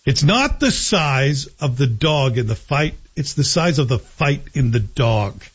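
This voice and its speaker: A man hosting a radio talk show, giving animated, sarcastic opinion commentary. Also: medium pitch, measured pace, slightly rough. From Canada. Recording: dull lo-fi broadcast audio.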